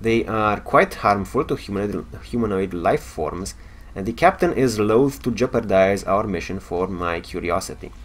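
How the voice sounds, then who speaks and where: A man with a Romanian accent reading the log of a curious male science officer in a space game, measured with small stumbles. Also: on the low side, animated.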